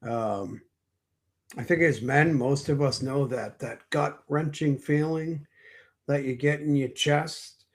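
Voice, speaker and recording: A man being interviewed as a guest, telling a personal story slowly and reflectively, with frequent hesitations. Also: fairly high pitch. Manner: slow, reflective, hesitant with fillers.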